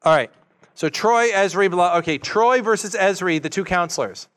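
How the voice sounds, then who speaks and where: A man moderating a live fan panel, easygoing and halting, calling votes from the audience. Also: sits high, a bit bright, clean tone. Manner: easygoing, hesitant, lots of restarts. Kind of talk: running a live audience vote.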